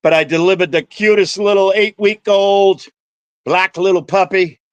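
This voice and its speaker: A man's voice: sits high, steady tone, moderate pace, clean tone, no room sound, highs cut off. Profane, rambling New man. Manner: profane, jokey, chatting with viewers by name. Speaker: livestream host. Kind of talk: rambling livestream chat with viewers.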